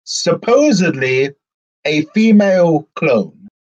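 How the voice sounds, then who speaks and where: A man co-hosts a casual chat, eager and quick to jump in. He stammers and restarts as his thoughts run ahead of him. His voice comes through a slightly dull, muffled mic. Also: on the high side, lively intonation, darkish tone.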